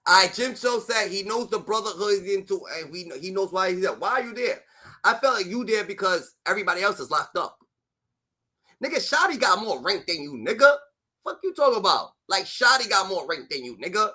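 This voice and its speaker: A man's voice: sits high, animated, fairly quick, pushed and bright. A man with a New York accent ranting heatedly and profanely about a rapper, peppering his talk with repeated "da, da, da" fillers. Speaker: streamer commentator. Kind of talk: heated reaction rant.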